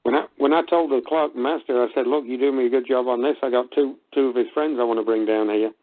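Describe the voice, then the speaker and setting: A man's voice: medium pitch, fairly even intonation, quick pace. A man on a call-in radio show, retelling a conversation and repeating "I said" as he goes. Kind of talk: casual phone conversation. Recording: tinny phone-line audio.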